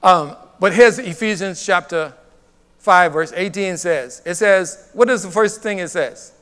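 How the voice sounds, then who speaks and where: Man pastor preaching, high clear voice, repeats words for emphasis, reverberant church hall. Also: expressive, measured pace, sharp tone. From Bahamas. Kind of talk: sermon.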